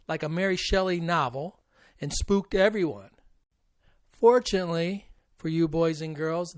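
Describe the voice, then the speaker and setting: Man as a sarcastic Easter bunny, satirical rant, keeps digressing; slightly high voice, dry close sound. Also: dry recording, close to an everyday voice. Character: snarky rambling male Easter bunny. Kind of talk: satirical comedy monologue.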